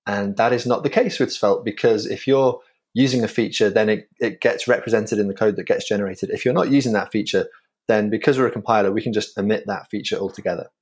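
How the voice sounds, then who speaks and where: Yorkshire guy on a dev podcast, explains stuff carefully, little stumbles, normal pitch. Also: steady tone, fast, a little mellow, breathy edge. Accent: Yorkshire English. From England. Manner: thoughtful, explains carefully with small restarts. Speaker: guest, framework creator. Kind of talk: technical podcast interview.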